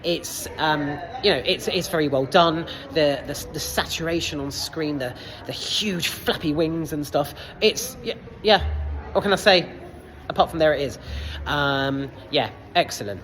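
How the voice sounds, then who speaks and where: A woman's voice: sits low, a little slow, a little hiss or hum. A woman reviewing a film casually in a cinema foyer, hesitant, with many fillers and casual swearing. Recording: long reverb in a foyer.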